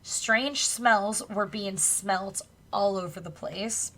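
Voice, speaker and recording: A woman's voice: mid-range voice, takes it slowly. Woman podcast host telling a creepy story, chill and chatty, cusses a bit. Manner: relaxed storytelling with casual swearing and laughs. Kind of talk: casual chat, retelling a true crime story.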